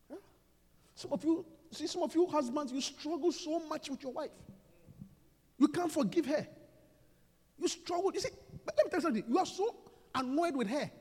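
High pitched preacher guy, animated, asks the crowd questions, goes quiet then shouts, big reverb. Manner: call-and-response preaching, swings from soft to shouting. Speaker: pastor. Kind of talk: sermon. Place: church hall. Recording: reverberant church hall.

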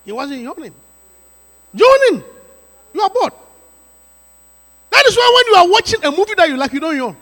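A pastor preaching a sermon to his congregation, emphatic and repetitive, with sudden rising shouts. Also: very high voice, very animated, quick pace, pauses often. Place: church sanctuary. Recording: reverberant church hall.

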